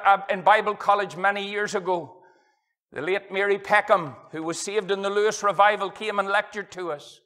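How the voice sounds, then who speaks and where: A middle-aged Northern Irish preacher with an unusually high, bright and forceful voice. He delivers an impassioned evangelistic sermon in a church hall, rising loud and then dropping to a hush. He quotes scripture in old-fashioned phrasing. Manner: impassioned revival preaching, swinging from loud to hushed.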